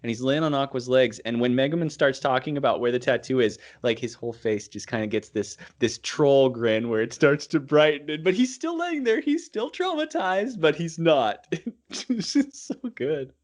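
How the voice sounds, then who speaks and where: A man's voice: mid-range voice, moderate pace, hardly any pauses. A man co-hosting a casual anime podcast, chiming in with agreeable comments and frequent chuckles. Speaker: podcast co-host.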